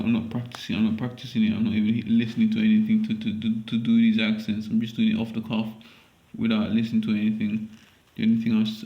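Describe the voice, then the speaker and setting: A man's voice: fairly low pitch, roomy sound, dull audio. A man with a London accent recording a casual audition at home, hesitant and repeating himself as he muses aloud.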